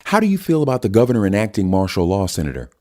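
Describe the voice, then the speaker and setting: A man voicing a polished female cable news anchor in a bright, upbeat broadcaster tone. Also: fairly low pitch, wildly swooping pitch, very fast, no echo, clean studio sound, voice pushed up.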